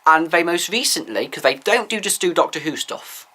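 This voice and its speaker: A man's voice: fairly high pitch, animated, normal speed, pushed and bright. A man giving candid, opinionated views in a rambling casual vlog. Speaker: vlogger.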